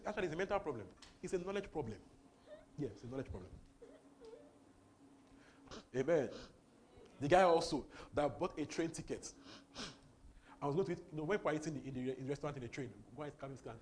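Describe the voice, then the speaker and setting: A man preaching a sermon, emphatic, repeating words and swinging between loud and soft. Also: on the high side, quick pace, long pauses. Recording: faint background noise.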